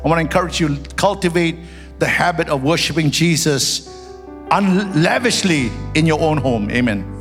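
A male pastor delivering a sermon in a church, his voice sitting a bit high. He moves from storytelling into fervent prayer. The sound rings with a long hall reverb over faint music. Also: a little fast, fairly bright tone. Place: church sanctuary.

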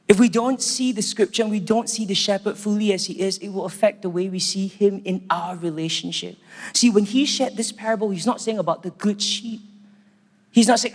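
A man's voice: sits high, fairly quick. A man preaching a sermon in an earnest, conversational way. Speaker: pastor. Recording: echoey hall.

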